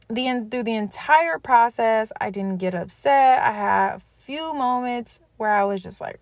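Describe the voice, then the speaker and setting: A woman's voice: fairly high pitch, animated, measured pace, no echo. Earnest, encouraging woman podcast host. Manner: earnest, encouraging, addresses listeners directly. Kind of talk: motivational podcast monologue.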